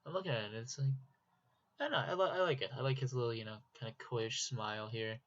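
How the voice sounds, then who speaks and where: A young man with a Minnesotan accent talks his way through a drawing in a loose, rambling, self-deprecating way. His voice sits at a middling pitch. The recording is dull and lo-fi, with mouse clicks in the background. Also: quick pace, a bit bright. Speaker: YouTuber. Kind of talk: casual drawing commentary. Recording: dull lo-fi mic.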